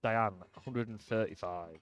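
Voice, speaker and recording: A man in a low register commentates on a powerlifting meet. He talks casually with his co-host, restarting sentences and reading out attempts as they come up. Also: a little slow, noisy background. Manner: chatty, hesitant restarts, reads attempts off screen. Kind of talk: live sports commentary, casual chat.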